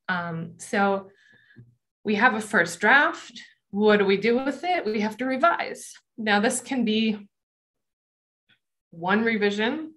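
A woman's voice: mid-range voice, a bit bright. A young adult woman presenting a college essay workshop in a conversational, emphatic way, with many fillers and asides.

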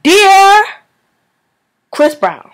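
A woman vlogger ranting to her viewers in a sassy, animated, scolding way. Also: very high voice, drawn-out words. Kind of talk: casual rant to camera.

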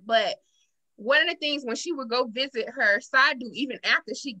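A woman's voice: sits high, moderate pace, low-quality recording. A woman podcast host in casual chat, retelling a show and acting out the quotes. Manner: animated storyteller, acts out quotes.

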